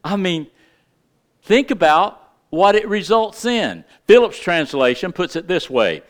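A middle-aged male pastor preaching a sermon, with lively asides and questions to his congregation. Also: fairly high pitch, moderate pace.

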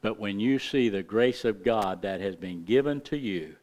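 A middle-aged male minister preaches with impassioned emphasis, alternating between loud, rising delivery and hushed quiet. His pitch is fairly low, and he speaks at a normal speed.

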